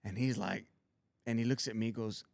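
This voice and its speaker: A man, telling animated stories and acting out the people in them as a guest. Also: on the low side, moderate pace, vocal fry, no echo. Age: 50s. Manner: animated storyteller acting out voices. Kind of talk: casual storytelling.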